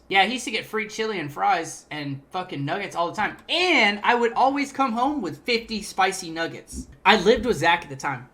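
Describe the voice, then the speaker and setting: A young man in casual storytelling mode, his bright, sharp voice swinging widely in pitch. He talks loosely and profanely, acting out other people's voices as he recounts old stories. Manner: animated, profane, acts out quoted voices. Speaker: streamer telling a story.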